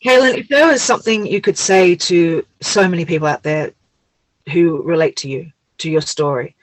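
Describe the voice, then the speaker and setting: A woman's voice: lowish voice, normal speed, no echo, low-quality recording. A woman hosting a conversation, speaking effusively and emotionally, often repeating herself. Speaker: host. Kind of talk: casual conversation.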